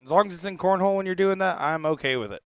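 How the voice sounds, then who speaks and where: A man's voice: high voice, very fast, fairly bright tone, smooth, no room sound. A man doing live darts commentary with casual, joking asides. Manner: chatty, joking, rambling asides. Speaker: dart commentator.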